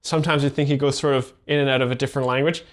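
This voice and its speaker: A man hosting and explaining jokes in a flat, deadpan, hesitant commentary. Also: mid-range voice, very fast. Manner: flat, hesitant, full of fillers. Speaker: host and joke explainer.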